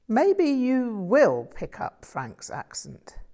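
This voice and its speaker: A wry, teasing woman friend with crisp speech and a slightly raised voice, as a woman reading a story aloud voices her. Her lines come across at an unhurried, even pace. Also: fairly high pitch, voice pushed up, heavily acted.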